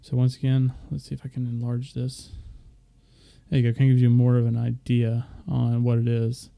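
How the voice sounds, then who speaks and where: Very dark-voiced man explaining stream settings. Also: mid-range voice, monotone, moderate pace, vocal fry. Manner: loose, rambling, talks to viewers directly with fillers. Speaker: streamer explaining audio setup. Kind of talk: casual screen-share tutorial.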